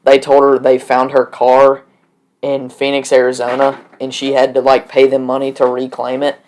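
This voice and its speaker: A man's voice: medium pitch, completely flat delivery, moderate pace, a little mellow, slight background noise, rough recording. Young male co-host, casual storyteller, lots of ums and likes. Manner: anecdotal, filler-heavy storytelling. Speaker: podcast co-host. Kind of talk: casual chat.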